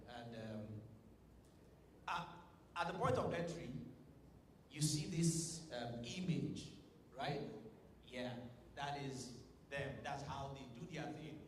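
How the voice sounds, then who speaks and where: A man's voice: mid-range voice, a little hiss or hum. A man from Nigeria with a Nigerian accent, telling a stand-up comedy story with pidgin asides and acted quotes. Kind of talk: stand-up comedy set at a tech summit. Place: large conference hall. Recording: echoey hall, distant mic.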